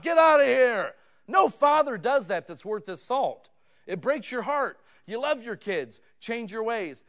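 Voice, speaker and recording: Preaching a sermon, the male pastor sounds like he's talking with his listeners, murmuring low asides before surging into loud pleas for emphasis.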